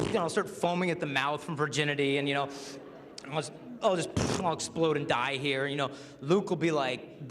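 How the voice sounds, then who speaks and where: A man in his twenties giving a joking, animated chastity talk to high school students and acting out quotes. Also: moderate pace, noisy background. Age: 20s. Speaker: chastity speaker. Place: large hall with a live audience. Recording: reverberant hall with faint ambience.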